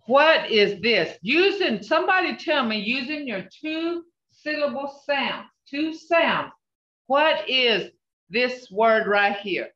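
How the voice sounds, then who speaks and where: Older lady teaching a class over zoom, super slow and patient, echoey muffled audio. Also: sits high, sing-song, fairly bright tone, far from the mic. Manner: patient, drawn-out coaching with frequent "okay?". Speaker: language teacher. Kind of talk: online language class. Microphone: video call.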